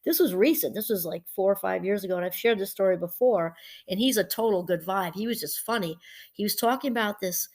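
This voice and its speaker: Woman professor with a mid-pitched voice, chatty teaching talk, digressive with frequent restarts. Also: brisk, a little mellow. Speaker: professor and podcast host. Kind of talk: casual teaching monologue.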